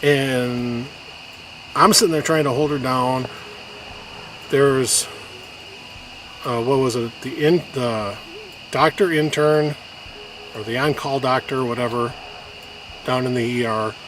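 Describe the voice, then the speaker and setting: A man telling an emotional personal story in a halting way, with many restarts, and getting choked up at times. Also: medium pitch, steady tone. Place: outdoors on a hiking trail. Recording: noisy outdoor recording.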